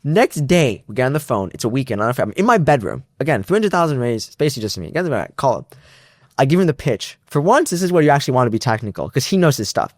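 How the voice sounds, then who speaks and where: A man's voice: mid-range voice, big pitch swings, racing, dry recording, studio quality. A young man, a startup founder, casually telling a story in an interview, acting out both sides of phone calls with lots of restarts and fillers.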